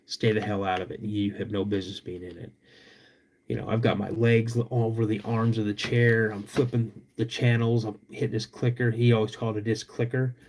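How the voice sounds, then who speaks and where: A young man, hosting a podcast and telling a story in an animated, drawn-out way with sudden loud bursts. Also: lowish voice. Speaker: podcast host.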